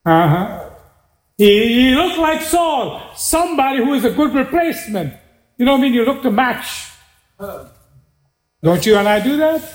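A man preaching a sermon, retelling a Bible story with animated dialogue for its characters. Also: extremely high pitch, normal speed, pauses often. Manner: animated storytelling, voicing biblical figures in dialogue. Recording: roomy hall echo.

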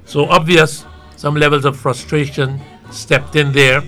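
Male commentator, bright tone, faint music behind, measured, rambling. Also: fairly high pitch, level tone. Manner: measured, rambling, thinks aloud. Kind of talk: talk show commentary.

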